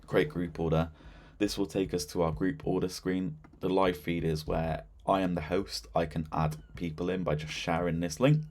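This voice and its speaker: A man giving a casual, chatty walkthrough of a software system, with lots of fillers and a relaxed, informal delivery. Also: deep voice, moderate pace, hardly any pauses. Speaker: software demonstrator. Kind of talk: casual screen-share product walkthrough.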